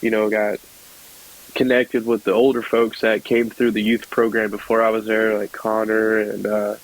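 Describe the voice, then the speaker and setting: A man in his twenties, a podcast guest, casually telling a personal story with many fillers and restarts, jumping into lively voices when he quotes people. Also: lowish voice, moderate pace, low-quality recording. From Georgia, USA. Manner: rambling, filler-heavy, lively when quoting others.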